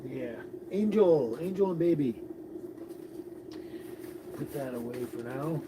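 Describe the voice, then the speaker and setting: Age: adult. Sex: man. Role: relaxed live stream host. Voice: slightly high. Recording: noisy, birdsong behind. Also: takes it slowly. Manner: relaxed, rambling, chuckles often. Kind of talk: casual live stream chat, reading viewer comments.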